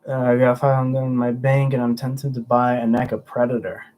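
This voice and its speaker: Young dude on a livestream, rambly and chatty, keeps restarting sentences, reading chat. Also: male voice, mid-range voice, flat delivery, normal speed, a little mellow. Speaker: livestream host. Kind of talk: casual livestream chat reading viewer comments.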